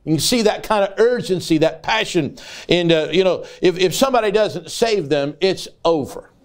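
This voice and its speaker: An older man preaching a sermon as an evangelist. He moves from folksy storytelling to rising, loud preaching cries. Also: sits high, moderate pace.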